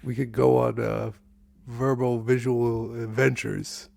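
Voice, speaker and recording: Playful man with a gravelly voice. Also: medium pitch, level tone, slow pace, a little mellow. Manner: playful, joking storyteller. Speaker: podcast guest. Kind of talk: casual chat.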